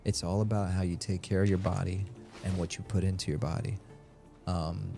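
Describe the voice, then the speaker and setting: A man's voice: low-pitched, level tone, normal speed, gravelly, music in the background. A man live-streaming a game, chatting casually and rambling as he reads out viewers' messages. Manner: rambling and talkative, reads chat aloud.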